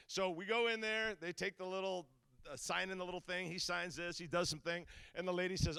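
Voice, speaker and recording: Middle-aged guy preaching, bright tense voice, high pitched, acts out the quotes. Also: quick pace, creaky, clean tone, no echo. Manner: storytelling, animated, acts out quotes. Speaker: guest preacher. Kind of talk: sermon.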